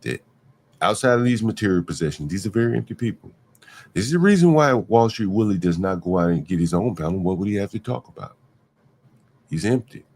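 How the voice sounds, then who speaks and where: A man's voice: lowish voice, expressive, fairly quick, a little mellow. A man hosting a livestream, talking emphatically in repeated rhetorical questions. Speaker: livestream host. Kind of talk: ranting livestream commentary.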